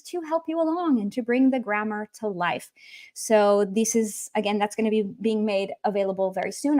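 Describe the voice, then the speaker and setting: On a laid-back livestream, an English-speaking woman gives a Russian lesson, joking around and shifting between the two languages. Her voice leans toward the high side.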